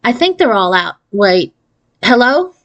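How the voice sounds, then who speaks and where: A woman's voice: on the high side, very animated, unhurried, pitched above the performer's own voice. A woman voicing a bold, slightly theatrical fifth-grade girl in a storybook read aloud.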